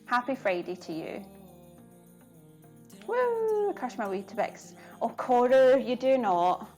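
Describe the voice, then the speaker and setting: A chatty woman cooks on a live stream and talks easily to her viewers. Her voice sits a little high, she giggles often, and faint music plays in the background. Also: sing-song, takes it slowly, a little mellow. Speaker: cooking streamer. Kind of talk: casual live-stream chat while cooking.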